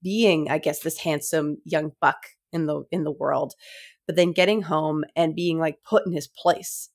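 A woman's voice: low voice, fairly even intonation, measured pace. A woman co-hosting a casual book discussion, thinking aloud with many fillers and trailing phrases. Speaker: podcast co-host.

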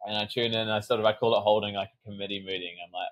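A man's voice: on the low side, fairly even intonation, rapid-fire, a bit bright, poor audio. A man, a sobriety coach, telling a personal story in a casual podcast interview, acting out his inner dialogue and swearing casually.

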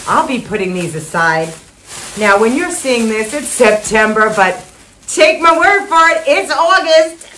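At home, an older woman vlogs her shopping haul, gushing over items, repeating herself, and laughing softly. Her medium-pitched voice has a fairly bright tone, with slight background noise.

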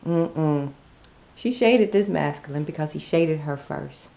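A woman gives a casual tarot reading with emphatic, sassy flair, repeating her points for effect. Her voice sits a little low and sounds set back from the mic. The room around her echoes noticeably. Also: measured pace, creaky, mellow, far from the mic. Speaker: tarot card reader. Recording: roomy, from afar, faint hiss.

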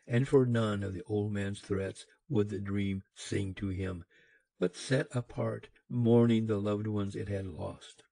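A man narrating an old fairy tale in a slow, expressive reading. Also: fairly low pitch, gravelly, slightly rough, no echo. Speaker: audiobook narrator. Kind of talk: storybook narration.

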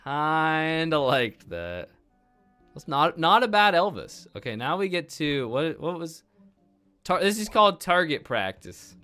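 Brief: young male gamer, jokey, bright tone, drawn-out delivery with sudden shouts. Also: on the high side, clean tone, soft background music. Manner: excitable, jokey, bursts into yelps and shouts. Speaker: gaming video host. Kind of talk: let's play commentary.

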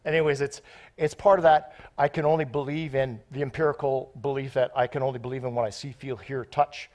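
A man preaching a sermon in an excitable, off-the-cuff way, joking with the congregation between scripture readings. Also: medium pitch, a little fast. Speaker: guest preacher.

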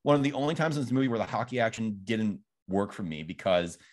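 Low-voiced man retelling a movie. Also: lively intonation, fast talker. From Phoenix, Arizona. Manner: rambling, retells scenes and mimics characters. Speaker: podcast host. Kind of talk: casual film review chat.

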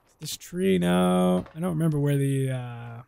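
A man's voice: on the high side, moderate pace, vocal fry, warm tone, clear, resonant tone. A man playing a game and muttering casual, self-mocking commentary to himself. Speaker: let's play gamer.

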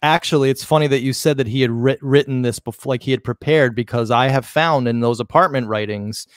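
A man's voice: medium pitch, fairly quick, smooth, no echo. A man hosting a loose, live-streamed conversation in a mid-range voice. He rambles and keeps restarting his sentences. His voice sounds close and dry, with no room around it. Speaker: host. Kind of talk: casual live-streamed chat.

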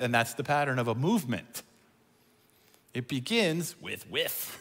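A man preaching a sermon, emphatic and animated, swinging from booming declarations to hushed, slow lines. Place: church auditorium. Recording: long reverb of a large hall.

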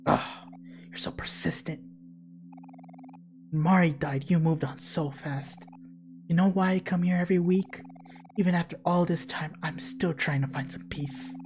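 A woman's voice: steady tone, normal speed, long pauses, a little hiss or hum, natural voice. A woman reading game dialogue aloud, voicing a sullen teenage girl who is cold and bitter. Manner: low, quiet and curt.

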